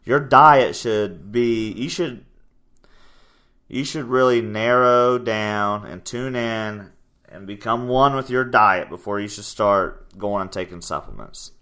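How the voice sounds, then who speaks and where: A young man co-hosting a casual fitness podcast, talking loudly in a rambling, teasing way. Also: fairly low pitch, takes it slowly. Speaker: podcast co-host, strength coach.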